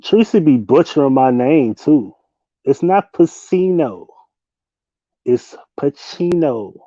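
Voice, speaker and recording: Young man, relaxed livestream host; mellow tone, dry slightly muffled desk mic, easy laughing delivery. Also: mid-range voice, moderate pace, no echo. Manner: loose, laughing, slangy, talks to chat. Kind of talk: casual late-night livestream chat.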